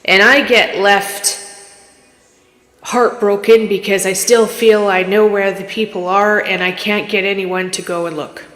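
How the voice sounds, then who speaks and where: Woman medium from Canada, mid pitch, rambling and emotional; casual livestream, roomy reverb. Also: steady tone, unhurried, fairly bright tone. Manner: rambling, candid, emotional, restarts. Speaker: psychic medium streamer. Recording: echoey room with long reverb.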